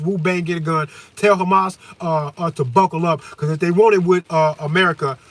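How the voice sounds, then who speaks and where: A high-pitched man holds a fervent, profane rant on a livestream. He stumbles through halting fillers, sinks into low musing and then bursts into loud shouting. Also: steady tone, no echo. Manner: heavy hesitation fillers.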